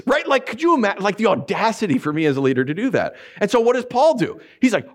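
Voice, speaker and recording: A man preaching a sermon, telling stories in an animated way, acting out voices and laughing often. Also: a little high, a little fast, few pauses. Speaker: pastor.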